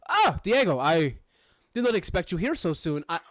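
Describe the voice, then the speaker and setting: A game master voicing a formal older wizard who halts and trips over his words while trying to stay calm, in a tabletop game. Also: mid-range voice, no room sound, studio quality, close to an everyday voice. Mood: strained. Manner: formal, halting.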